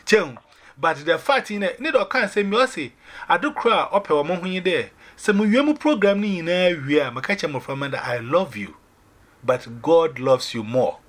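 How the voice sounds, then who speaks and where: A man sharing a personal faith testimony, telling it in an animated way and dropping in English phrases. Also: high-pitched, a little fast.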